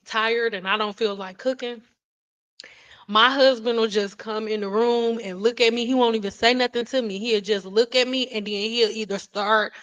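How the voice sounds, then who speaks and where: A woman's voice: a little high, a bit bright, muffled recording. A woman hosting a casual livestream, talking in a chatty, rambling way with lots of restarts and apologies. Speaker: beauty vlogger and livestream host.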